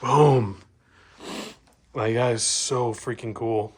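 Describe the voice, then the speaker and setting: Excitable man hosting a bike build vlog. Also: medium pitch, slow, breathy edge. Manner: excitable, joking, stammering restarts. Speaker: channel host. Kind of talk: casual vlog chat.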